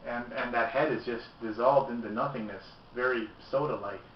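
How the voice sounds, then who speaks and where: A man with a medium-pitched voice speaks at normal speed while casually reviewing a beer on video, chatty and candid as he tastes and comments. The lo-fi camera audio sounds roomy, distant, and dull, with a slight hiss or hum.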